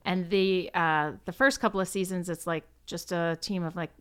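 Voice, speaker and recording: A woman's voice: fairly low pitch, steady tone, normal speed, fairly bright tone, smooth. A woman actress guest on a podcast, chatting enthusiastically and saying "like" often. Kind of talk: casual chat.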